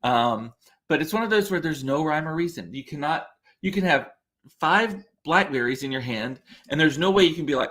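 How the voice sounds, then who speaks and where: A man's voice: a little high, lively intonation, moderate pace, a bit bright. A man hosting a podcast, chatting casually and rambling, often interrupting himself as he answers viewers. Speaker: podcast host. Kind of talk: casual chat reading viewer comments.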